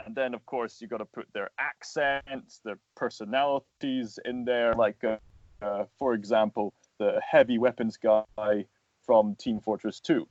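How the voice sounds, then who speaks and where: A man's voice: mid-range voice, fairly even intonation, a little slow, a little mellow, no room sound. Earnest young man explaining, lo-fi sound. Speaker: guest, voice actor and animator. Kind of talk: casual interview talk. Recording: dull lo-fi sound, dry.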